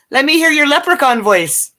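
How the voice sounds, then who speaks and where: Lively bright-voiced woman. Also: sits high. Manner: playful, lively teasing. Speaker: co-host. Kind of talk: casual chat.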